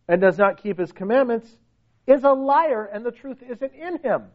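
Guy preaching, really high voice, punchy and pleading, kinda muffled lo-fi sound. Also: very animated, moderate pace. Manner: emphatic, rhetorical questions, pitch swings widely. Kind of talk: sermon.

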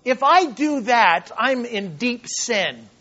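A man preaching a sermon as pastor, impassioned, dropping to hushed tones and rising to loud emphasis. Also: extremely high pitch, big pitch swings, slow, lo-fi sound.

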